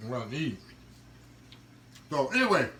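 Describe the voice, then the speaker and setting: Bright-voiced man tasting his cooking. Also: mid-range voice, very animated, a little slow, slight background noise. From Southern US countryside. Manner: chatty, addresses viewers as y'all, hums while chewing. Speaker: cooking channel host. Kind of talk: casual cooking vlog, tasting food. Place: home kitchen. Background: faint clatter of dishes and cutlery.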